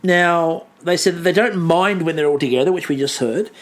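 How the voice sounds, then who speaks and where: A man's voice: on the high side, normal speed. A man co-hosting a podcast, recapping an episode in a rambling, chatty way. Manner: rambling, chatty, many fillers and restarts. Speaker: podcast co-host.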